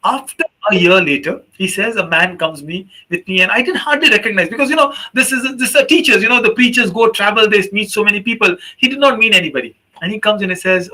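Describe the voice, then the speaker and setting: A man's voice: sits high, fast talker, few pauses, poor audio. A man giving a teachers' workshop talk as a trainer, telling a long story and acting out the voices of the people in it. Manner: animated storyteller, acts out quoted voices.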